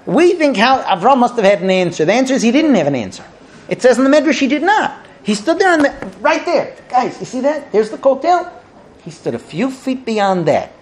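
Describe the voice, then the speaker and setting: High-voiced man teaching a lively lesson. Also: a little fast. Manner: animated, rhetorical questions to the group. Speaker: Torah teacher guiding a group. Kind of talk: storytelling Torah lesson. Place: outdoors at a holy site.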